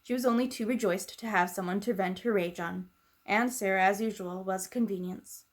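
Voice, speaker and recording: Brief: woman storyteller, gentle storybook reading, mid-pitched, calm pace. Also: a little fast. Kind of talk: reading a children's book aloud.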